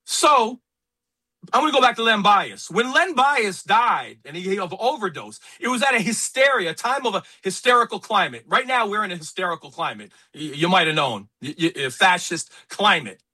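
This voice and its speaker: A man hosting a talk radio show, speaking in an emphatic, opinionated way about sports and politics. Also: high voice. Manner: animated, emphatic, quick asides. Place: radio studio.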